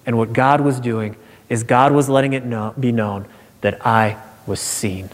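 A man preaching a sermon in an earnest voice, moving from hushed, quiet lines to emphatic repeated phrases. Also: medium pitch, a little fast. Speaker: pastor. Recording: long reverb of a large hall.

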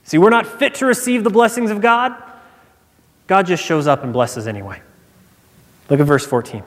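A man's voice: sits high, normal speed. A man preaching a sermon as pastor, earnest and emphatic, repeating his key points, recorded in a church sanctuary with long reverb.

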